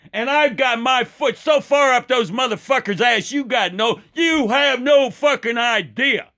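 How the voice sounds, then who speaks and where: A man's voice: extremely high pitch, sharp tone. A man delivering an angry, profane political rant with many stumbling restarts. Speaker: political commentator.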